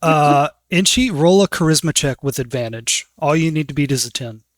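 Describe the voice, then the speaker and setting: A man's voice: a little high, lively intonation, normal speed, dry recording, studio quality. A man running a tabletop game as game master, narrating loosely with many fillers.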